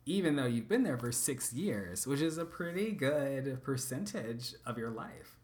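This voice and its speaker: A man's voice: mid-range voice, very animated, measured pace, a little mellow. A man interviewing a guest casually, curious and probing, laughing easily.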